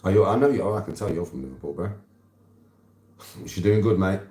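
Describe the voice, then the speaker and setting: Very deep-voiced Birmingham man chatting. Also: brisk, darkish tone, reverberant. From Birmingham, England. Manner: laid-back, slangy, answers chat by name. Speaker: livestreamer reading chat. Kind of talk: casual livestream chat.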